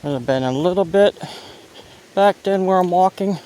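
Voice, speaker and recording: This man has a high-pitched, mellow voice, a moderate pace, and a Central Pennsylvania accent. A local walking-tour vlogger, he strolls down a town street holding his phone, narrating casually, rambling and restarting as he points things out. Passing cars and faint traffic noise fill the outdoor background.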